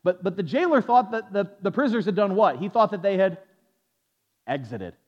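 A man preaching to a group, stumbling over repeated words as he restarts his sentences and stops to ask his listeners questions. His voice sits high for a man. The recording sounds muffled and lo-fi. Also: fast talker, big-room sound. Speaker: preacher teaching a Bible study. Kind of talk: sermon. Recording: dull lo-fi recording.

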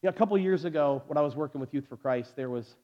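A man in his forties preaches in a church, his voice sitting a little higher than most. He tells stories with animated energy, then sinks to a hushed, intense delivery. The recording sounds dull and lo-fi. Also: racing. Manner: animated storytelling, drops to soft intense delivery. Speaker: pastor. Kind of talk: sermon. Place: church sanctuary.

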